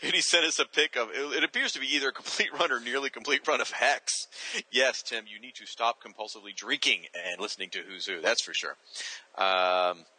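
Guy hosting a podcast, bright forward voice, dry close mic, reading names and tripping on some. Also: mid-range voice, brisk, no room sound, rough recording. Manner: casual, self-correcting, stumbles over names. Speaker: podcast host. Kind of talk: reading listener shout-outs.

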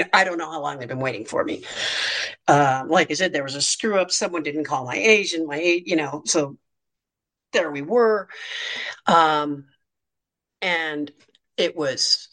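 A woman's voice: low-pitched, a bit bright. A middle-aged woman, a former child actor, telling a candid personal story in an interview with a wry, frank manner, laughing between sentences and restarting phrases.

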